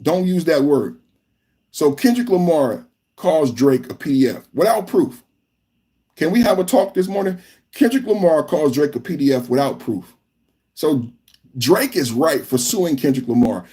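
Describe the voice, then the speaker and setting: Man, high voice, podcast host, emphatic repetitive rant, live reaction commentary. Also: expressive, a little slow, mellow. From California.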